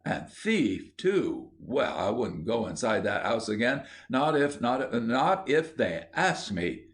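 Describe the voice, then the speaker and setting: A man's voice: medium pitch, very animated, slow. A male narrator voices a grumbling, indignant schoolboy in a storybook, in a voice barely lifted from the narrator's own. He complains with mounting exasperation.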